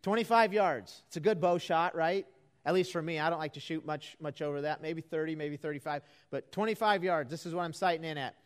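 A man's voice: on the high side, level tone, fast, smooth. A man preaching a folksy, conversational sermon to a live congregation in an auditorium, building to earnest emphasis.

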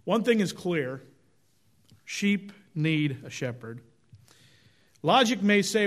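A man preaching a sermon, reading scripture and telling stories with an emphatic, measured delivery that drops low at the ends of phrases. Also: animated.

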